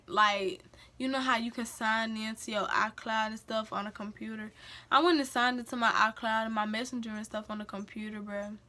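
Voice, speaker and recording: A young woman, telling a dramatic personal story in an animated, emphatic vlog style. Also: on the high side. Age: young adult. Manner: animated, emphatic, dialect-rich retelling. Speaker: storyteller vlogger. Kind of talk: casual storytime.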